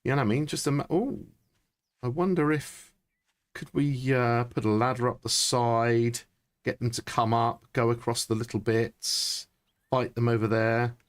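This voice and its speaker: A man, chatting excitably and thinking aloud during live gameplay commentary. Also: mid-range voice, a little slow. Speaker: streamer.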